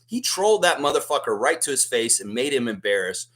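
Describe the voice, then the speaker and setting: A man's voice: medium pitch, a little fast. Man ranting heatedly, voice leaping around. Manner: excitable, emphatic. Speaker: host of a fan basketball show. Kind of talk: live sports preview rant.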